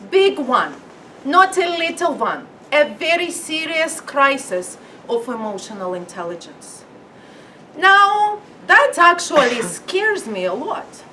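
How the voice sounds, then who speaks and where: Woman lecturer, theatrical and emphatic, bright voice heard from afar. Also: high-pitched. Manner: emphatic, theatrical, acts out quotes. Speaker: parenting lecturer. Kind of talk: animated public lecture. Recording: distant mic with faint noise.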